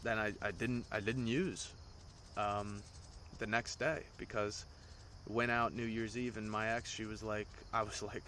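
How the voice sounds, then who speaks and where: Man in his 20s, casual storytelling monologue, rough and rambling, lower voice with a sharp edge. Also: fairly even intonation, normal speed, slight background noise. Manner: rambling, swears often. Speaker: podcast host.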